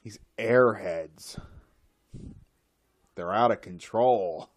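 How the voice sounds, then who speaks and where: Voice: low-pitched, extremely slow. A speaker delivering a solo rant in an exasperated, sarcastic way.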